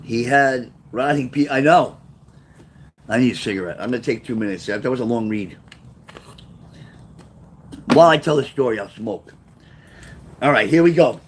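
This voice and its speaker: A man's voice: medium pitch, animated, normal speed, pauses often, slight background noise. Rambling New man telling stories. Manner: rambling, digressive, blunt and profane. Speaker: author telling his life story. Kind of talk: casual spoken memoir storytelling.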